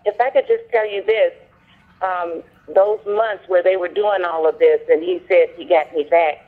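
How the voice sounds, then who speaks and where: A woman on a conference call, telling at length how her health came back, in a talkative, animated way with many fillers. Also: lowish voice, moderate pace. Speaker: caller sharing a testimony. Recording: phone line.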